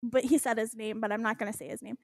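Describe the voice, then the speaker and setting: A young woman with a fairly high voice tells a story in a close, dry recording. She is animated and expressive and swears freely as she laughs through it. The tone is casual podcast chat. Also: fast, dry recording.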